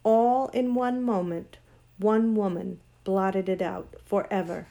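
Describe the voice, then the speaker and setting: A woman's voice: mid-range voice, fairly even intonation, takes it slowly, vocal fry, mellow. A woman reading a storybook aloud and voicing a proud ancient sorceress queen who speaks in a grand, cold, commanding way. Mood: imperious.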